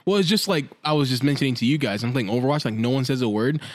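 A man's voice: medium pitch, rapid-fire, dry recording. A man co-hosting a casual comedy podcast, telling profane, ranting stories about online gaming. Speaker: podcast co-host.

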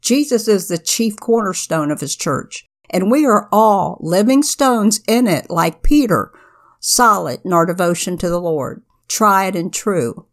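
A woman co-hosting a Bible podcast, explaining scripture in a measured, earnest way. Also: medium pitch, animated. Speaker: podcast co-host. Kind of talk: slow, earnest Bible teaching.

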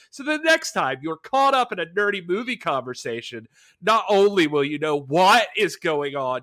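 Brief: man playing a camp cult-movie announcer, very high and swooping, loud and exaggerated. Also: exaggerated voice. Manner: shrill, drawn-out, exaggerated delivery. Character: campy over-the-top male cult-film announcer. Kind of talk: comic impression.

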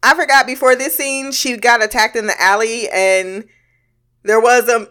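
A woman's voice: a little high, steady tone, normal speed, pushed and bright. A woman casually commenting on a film, swearing freely and laughing often. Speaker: reaction commentator.

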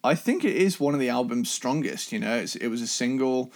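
A man's voice: medium pitch, expressive, a little fast. A man co-hosting a casual music review chat, enthusiastic and rambling, with restarts and the odd swear. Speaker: podcast co-host.

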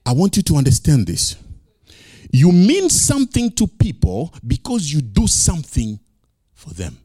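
A man's voice: fairly high pitch, huge pitch swings, unhurried, warm tone, slightly rough, dry recording, studio quality. A male pastor preaching a sermon, emphatic and repeating key phrases.

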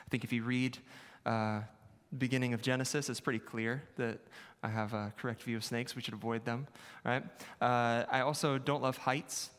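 In a church sanctuary, a male pastor with a mid-range, fairly bright voice preaches in a conversational, self-deprecating manner, repeating his key phrases. The recording carries the long reverb of a large hall.

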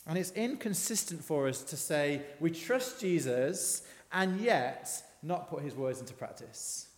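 A man's voice: a little high, animated, a little slow. Chatty man preaching in a hall. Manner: conversational, asks the congregation questions. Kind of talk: sermon. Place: church.

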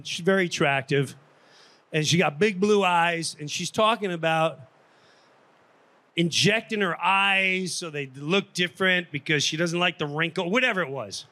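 A middle-aged man telling a personal story in an animated way, jumping into the voices of the people he quotes. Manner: animated, acts out quoted voices with big pitch jumps.

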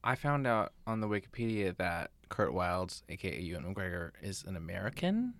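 A podcast co-host chatting casually about a film, chiming in with quick asides. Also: low-pitched, big pitch swings, fairly bright tone.

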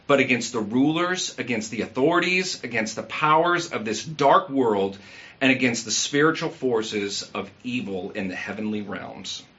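A man's voice: mid-range voice, bright, forceful tone, dull audio. A man preaching a sermon in a conversational way, asking the congregation questions and using everyday fillers. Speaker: pastor.

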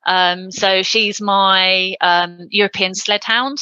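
A woman's voice: medium pitch, steady tone, slow pace, pushed and bright, smooth, dry recording, muffled recording. A middle-aged woman chatting casually as a podcast guest, with lots of ums and easy laughs. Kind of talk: casual interview chat.

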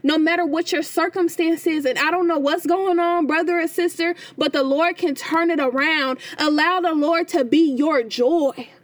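A woman's voice: extremely high pitch, steady tone, normal speed, few pauses. A woman reading scripture and then preaching informally. She speaks with emphasis and keeps repeating her key phrases back to the listeners. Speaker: devotional speaker.

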